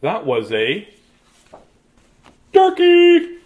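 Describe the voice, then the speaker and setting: A man's voice: sits high, huge pitch swings, extremely slow, a little mellow, lo-fi sound, voice pushed up, heavily acted. A man voicing a bossy female dog who coaches a friend, in an emphatic, teasing storybook voice.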